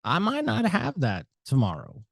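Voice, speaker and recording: A man's voice: fairly high pitch, huge pitch swings, normal speed, vocal fry, no room sound. A man from the United States, a podcast guest, talking reflectively and at length. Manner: talkative, reflective, varies loudness a lot. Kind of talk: reflective interview talk.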